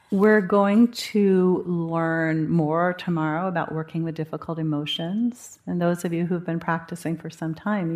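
A woman leads a dharma talk at a meditation retreat, her voice sitting somewhat low. She speaks conversationally, thinking aloud with gentle humor as she teaches.

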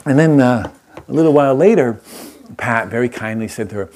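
A man who teaches meditation, telling a story to an audience in a gentle, unhurried way and often checking in with his listeners. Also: mid-range voice, expressive, crowd noise. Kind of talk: storytelling talk to a live audience.

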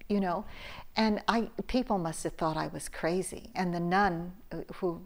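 A woman's voice: lowish voice, normal speed. A middle-aged woman teacher giving a dharma talk at a meditation retreat, telling a story conversationally with laughs and restarts.

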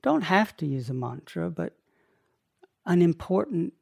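Older male meditation teacher, unhurried delivery, gravelly voice, fairly high pitch. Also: very animated. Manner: slow, gentle, pausing between short phrases. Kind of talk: guided meditation talk.

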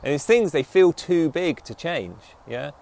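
A man with a fairly high, animated, gravelly voice and a darkish tone offers a reflective dharma talk as a meditation teacher. He slows to stress key phrases and frequently checks in with listeners.

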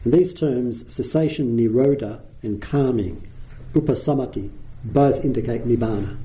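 A middle-aged Australian man giving a dharma talk as a meditation teacher, explaining in an unhurried way with frequent ums. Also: mid-range voice, mellow, a little hiss or hum, poor audio.

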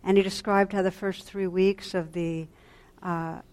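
A woman meditation teacher giving a dharma talk at a retreat, speaking gently and reflectively, often dropping to a soft hush, and pausing to restart her sentences. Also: medium pitch, little pitch movement. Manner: pauses and restarts mid-sentence.

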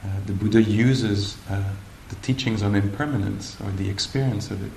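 A male meditation teacher giving a gentle, playful dharma talk with frequent pauses. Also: lowish voice, fairly even intonation, vocal fry, slight background noise. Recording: roomy hall with faint ambience.

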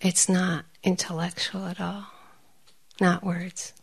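Woman giving a lively meditation talk. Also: on the low side, slow, creaky, slightly rough. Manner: animated storytelling, laughs often, drops to soft whisper. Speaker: meditation teacher. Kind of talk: dharma talk.

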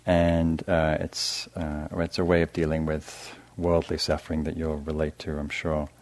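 A middle-aged man giving a gentle dharma talk as a meditation teacher, soft-spoken and hesitant, with fillers and restarts. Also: extremely low pitch, flat delivery, measured pace. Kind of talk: dharma talk to a live audience.

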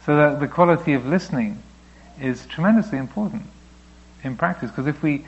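A man, a Buddhist teacher, answering questions in a reflective, gently explaining way, now and then voicing thoughts aloud. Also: a little high, animated, brisk, lo-fi sound. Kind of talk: dharma talk Q&A.

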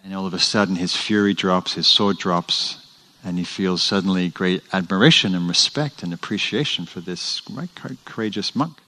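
Meditation teacher, deep voice, lively storyteller, dharma talk. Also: male voice, normal speed, poor audio. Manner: animated storytelling, with restarts. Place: meditation center hall.

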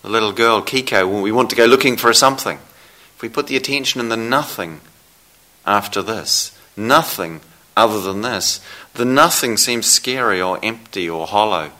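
A man giving a dharma talk as a meditation teacher, speaking slowly and reflectively with long pauses. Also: fairly low pitch, pushed and bright. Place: meditation hall.

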